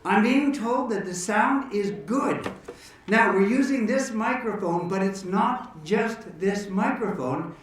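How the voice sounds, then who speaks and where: A man's voice: sits high, slow pace. A man hosting a musical program, chatting and joking casually with the audience in a parlor. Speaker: musical entertainer and host. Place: echoey parlor room. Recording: roomy echo from a distant mic, guitar.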